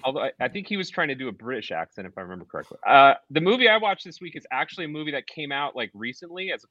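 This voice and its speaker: A man with a bright, forceful voice talks through a film in a loose, rambling way, dropping sarcastic asides as a podcast co-host. The sound is dry and a little dull, like a lo-fi recording. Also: mid-range voice, sing-song, very fast, no echo. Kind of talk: casual movie review chat.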